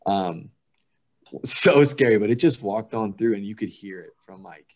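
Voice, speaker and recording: A man with a very low, deep voice sits in on a casual podcast conversation. He tells his anecdotes with animated delivery, often breaking into laughter mid-sentence. His tone is relaxed and conversational. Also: normal speed. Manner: laughs through vivid anecdotes. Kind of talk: casual chat, storytelling.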